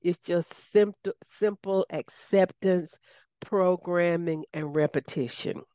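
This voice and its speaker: A woman's voice: fairly low pitch, takes it slowly, dark tone, dry recording. A woman with a Southern US accent hosting a radio show, enthusiastic and folksy, calling her listeners y'all. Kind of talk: casual radio talk.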